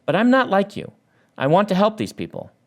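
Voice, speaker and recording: A stern village woman from a medieval tale, read by a man in his own lively voice. She sounds curt and reproachful. The pitch sits a little high and moves freely. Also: fairly quick, heavily acted. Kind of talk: author reading his own novel aloud.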